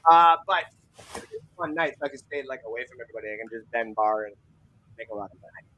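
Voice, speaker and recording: A man's voice: mid-range voice, fast, bright, forceful tone, highs cut off. A man hosting a casual sports podcast, rambling and self-deprecating, laughing often. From Canada. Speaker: host.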